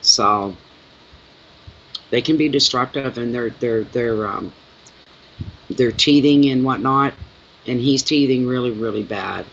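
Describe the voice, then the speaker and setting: A middle-aged man, a tarot reader and channel host, chatting casually with his viewers at home and telling animated stories. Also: medium pitch, slow pace, pauses often, dull audio, a little hiss or hum.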